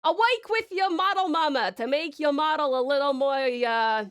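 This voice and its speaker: A woman streamer putting on a chummy male mobster character with an Italian-American accent and a flat, unamused drawl, chatting live with viewers. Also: high-pitched, moderate pace. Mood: wry. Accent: put-on Italian-American mobster. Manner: calls people "dame" and "pal", slangy.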